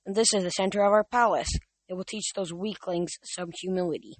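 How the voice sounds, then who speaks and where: A young man voicing a cruel, gloating Titan father who speaks in a slow, mocking, booming way in a storybook reading. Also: fairly even intonation, dry recording.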